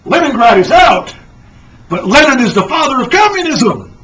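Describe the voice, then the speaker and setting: A man doing a bewildered shouting Soviet cosmonaut. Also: very high-pitched, big pitch swings, unhurried, voice pushed up, heavily acted. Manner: incredulous, shouting alarm. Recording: distant dull lo-fi mic with faint noise.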